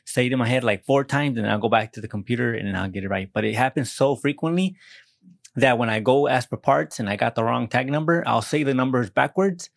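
A young American man with a medium-pitched voice and vocal fry speaks a little fast, in clean studio sound with no room sound. As a podcast co-host in casual chat, he rambles, puts himself down, swears often and restarts his sentences.

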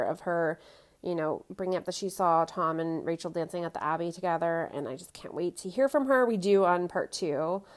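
A woman with a smooth, lowish voice recaps a reality TV reunion in casual chat. She's opinionated and talkative, peppering her speech with fillers like "um" and "you know."

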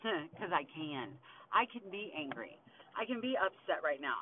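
A woman's voice: lowish voice, sing-song, moderate pace, slight background noise. A woman hosting a podcast, venting in an angry, heavily profane rant about family. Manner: angry, heavy swearing, ranting. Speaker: podcast host. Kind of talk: venting monologue. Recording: tinny phone-like line.

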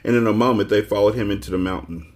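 A man's voice: lowish voice, fast talker. A man reading a children's novel aloud as the host of a book club show.

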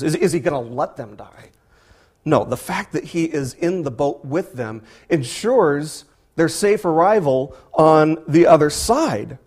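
A pastor preaching a sermon, animated and full of rhetorical questions, often repeating words as he goes. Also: fairly high pitch.

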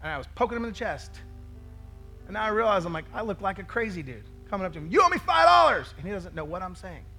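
A male pastor delivers a sermon, spinning a personal story and acting out the voices of the people in it. He keeps checking in with the room through quick "right?" asides. His voice sits high, with soft music faintly underneath. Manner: storytelling with lively acted quotes, frequent "right?" asides.

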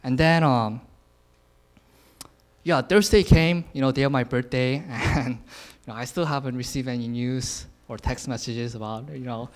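Twenty-something guy preaching casually, lots of fillers and little laughs, mid-pitched voice. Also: normal speed. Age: 20s. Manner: casual, lots of filler words, chuckles often. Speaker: youth speaker sharing a message. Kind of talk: informal sermon talk.

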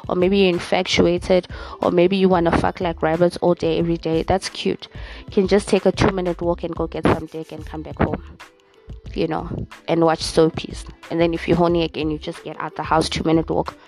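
Brisk and flat in delivery, this South African podcaster's voice is on the low side with a darkish tone, and soft music plays behind her. Young and hosting solo, she rants casually, bluntly and sassily, swearing a lot.

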